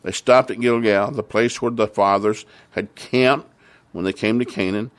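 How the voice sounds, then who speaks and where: A man's voice: on the low side, steady tone, normal speed. Emphatic male preacher retelling Bible stories. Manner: emphatic, repeats phrases for stress. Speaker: family ministry preacher.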